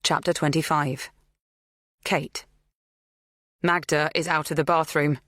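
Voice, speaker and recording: An audiobook narrator reading a suspense novel in a measured, tense way. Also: mid-range voice, flat delivery, a bit bright, no echo, clean studio sound. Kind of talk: scripted narration.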